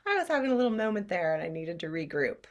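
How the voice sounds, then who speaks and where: Animated, chatty woman teaching a class. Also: lowish voice, quick pace, lo-fi sound. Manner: animated and chatty, with playful sound effects. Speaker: clairvoyant energy teacher. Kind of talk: casual online class.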